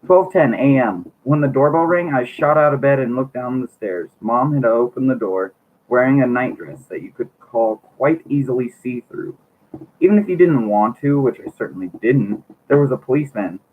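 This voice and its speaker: A man's voice: medium pitch, expressive, moderate pace. A man reading a book aloud on his channel, stumbling over words and breaking off for wry joking asides. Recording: tinny lo-fi mic, faint hiss.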